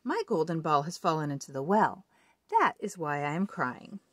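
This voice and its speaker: A woman's voice: low-pitched, very animated, moderate pace, breathy edge, no room sound, studio quality, heavily acted. A woman voicing a spoiled, fickle young princess in a children's storybook read-aloud, in an eager, pleading tone.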